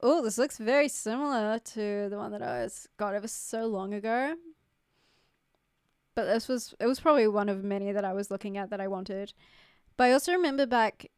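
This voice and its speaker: A woman's voice: mid-range voice, lively intonation, a little fast, a little mellow, clean tone, no echo, studio quality. A young woman chatting casually with viewers on a livestream, rambling and full of "like", with casual swearing. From New Zealand. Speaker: streamer. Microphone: studio mic.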